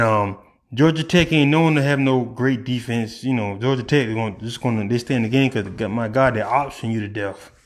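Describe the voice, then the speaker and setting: This animated sports rant comes from a male vlogger with a mid-range voice, whose opinionated delivery moves from fast bursts to long, emphatic drawn-out words.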